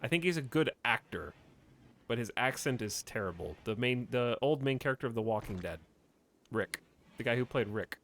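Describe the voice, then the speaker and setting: A man's voice: medium pitch, expressive, moderate pace, fairly bright tone, slight background noise. A man streaming and chatting casually, giving rambling, opinionated takes full of fillers and restarts.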